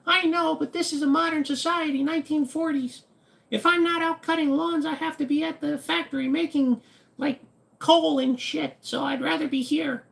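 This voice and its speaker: A man voicing a bratty little boy from the 1940s, whiny and squeaky. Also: fairly even intonation, moderate pace, vocal fry, fairly bright tone, heavily acted.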